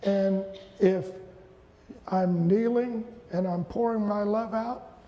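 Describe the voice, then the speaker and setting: An older man preaching a sermon, rising to shouted peaks and dropping into playful asides. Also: sits high, in a large hall. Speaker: pastor. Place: church sanctuary.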